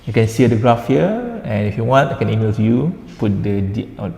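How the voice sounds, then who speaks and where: A man's voice: lowish voice, animated, brisk, vocal fry, warm tone. A man with a Malaysian accent teaching a casual class, chatty, repeating words and slipping into Malay. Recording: echoey room with long reverb.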